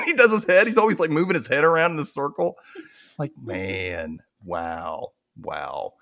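A man hosting a podcast, casually recapping a sketch show, laughing often and acting out quoted lines in silly high voices. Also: expressive, a little slow, vocal fry, sharp tone. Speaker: podcast host.

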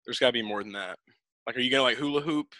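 A man hosting a podcast in casual chat, teasing his guest playfully, with many quick restarts. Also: medium pitch, bright, forceful tone, no echo. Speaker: podcast host.

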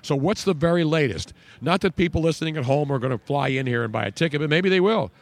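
A man's voice: on the high side, quick pace. A man hosting a casual radio talk show, joking and rambling.

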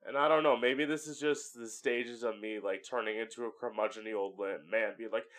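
He's a podcast host recording a casual solo episode at home, with a fairly low, fairly bright voice and fairly even intonation. He talks fairly quickly with few pauses, staying chatty and candid, cursing freely and doing voices for effect.

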